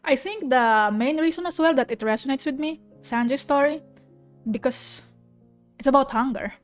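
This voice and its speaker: A young female vtuber with a high-sitting voice talks at a moderate pace about the anime she's watching. Soft piano accompanies her casual, rambling, emotional chat, which is full of restarts.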